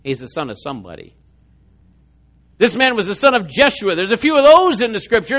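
A male preacher giving an animated, emphatic sermon, acting out scenes. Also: high-pitched, quick pace. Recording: muffled lo-fi sound.

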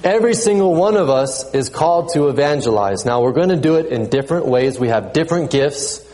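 A man preaching a sermon in a relaxed, conversational way, often repeating words and pausing on fillers. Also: on the high side, poor audio. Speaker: pastor.

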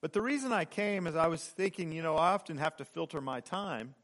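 A man in his forties from Oklahoma delivers a guest sermon. His speech halts with frequent fillers and restarts. In the storytelling his voice lifts higher and louder. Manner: halting, with many fillers and restarts. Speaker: guest preacher.

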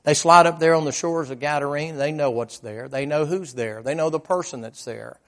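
A man preaching a sermon, telling vivid stories in a folksy way, asking the congregation questions, and swinging from loud emphatic lines to low quiet asides. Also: normal speed.

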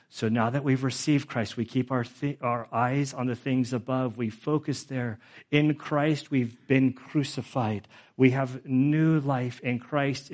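Middle-aged man, pastor, casual sermon, lots of fillers, average pitch. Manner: conversational, frequent fillers, grows emotional.

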